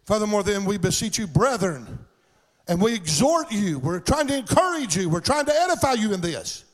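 A man preaches a sermon in a church sanctuary. His voice sits very high, and he lilts his lines in a sing-song cadence that climbs into impassioned shouts. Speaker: pastor.

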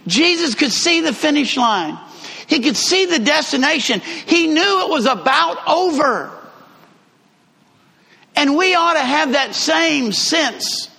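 A man preaching a sermon, telling a travel story with lively emphasis and repeated phrases. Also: extremely high pitch. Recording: long hall reverb.

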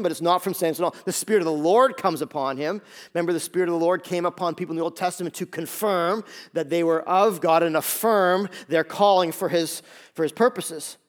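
A male pastor preaching a sermon, retelling a story in a lively, joking way and acting out the characters' lines. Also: sits high. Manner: lively storytelling, acts out voices.

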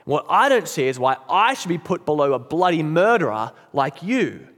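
A man's voice: a little high, big pitch swings, normal speed, a bit bright, in a large hall. A man voicing a big, coarse male ghost from hell who insists on his rights in a blustering, self-righteous way. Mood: indignant.

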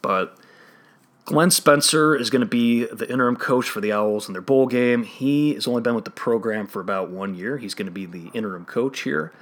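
A man's voice: medium pitch, moderate pace. A man with a Chicago accent hosting a solo sports betting podcast, talking through analysis and often restarting his phrases. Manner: analytical, restarts phrases, trails off quietly at ends.

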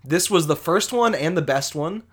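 A young man co-hosting a movie podcast, talking in a relaxed, rambling way full of fillers. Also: fairly high pitch, moderate pace. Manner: relaxed, rambling, lots of fillers, easy laughs. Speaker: podcast co-host. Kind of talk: casual movie podcast chat.

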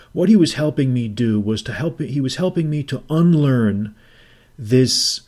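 A middle-aged man telling a personal story as a podcast host, deliberate and often repeating and restating his phrases. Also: medium pitch, a little mellow. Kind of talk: reflective personal storytelling monologue.

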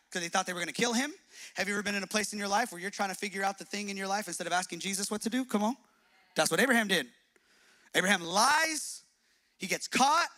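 A young man preaching a sermon with animation, jumping between loud emphatic bursts and low quiet asides and repeating phrases for emphasis. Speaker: pastor.

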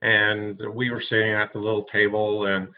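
A man's voice: lowish voice, flat delivery, normal speed. A man mentor casually starting a story in an easygoing way. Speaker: youth mentor. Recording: tinny phone line with faint noise.

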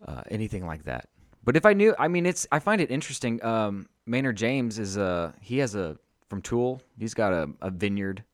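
A man's voice: lowish voice, sing-song, moderate pace, dry recording, clean studio sound. A man co-hosting a podcast, rambling and joking in loose, profane banter. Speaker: podcast co-host.

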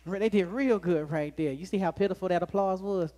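A man preaching a sermon to a live congregation in a church, joking with the crowd and swinging between loud emphasis and hushed, intimate moments. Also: high-pitched, a little fast. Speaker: pastor.

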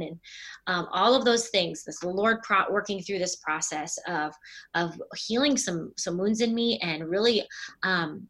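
A middle-aged woman, a pastor, telling a personal story in a casual interview, with animated voices when she quotes people. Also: lowish voice.

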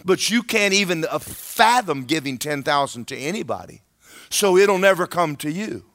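At a moderate pace and in a voice on the high side, a preacher gives a lively, conversational sermon. He speaks with emphasis and regularly checks that his audience is with him.

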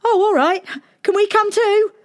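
A woman putting on squeaky palace guards. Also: fairly even intonation, measured pace, no echo, studio quality. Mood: blustering. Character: gruff palace guards, men.

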